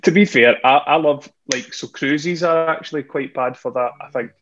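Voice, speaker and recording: A chatty Scottish man, a singer appearing as a guest, talks casually over a remote video call from home, using an earphone headset on a dull-sounding line. His voice is fairly high and a bit bright, at a moderate pace, and he's self-deprecating and laughs often.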